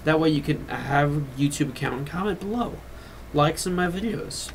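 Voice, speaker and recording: A man's voice: on the high side, expressive, moderate pace, a little hiss or hum, rough recording. A teenage boy talking straight to camera in a confessional vlog, rambling and earnest, often restarting his sentences and holding back emotion. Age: teens. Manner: emotional, fighting back tears at times. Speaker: vlogger.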